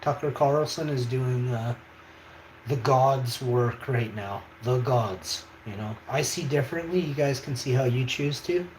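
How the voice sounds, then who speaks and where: A man's voice: medium pitch, unhurried, a little mellow. A man hosting a livestream, talking in an emphatic, rambling way and often checking in with his viewers. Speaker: livestream host. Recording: echoey room, faint background noise.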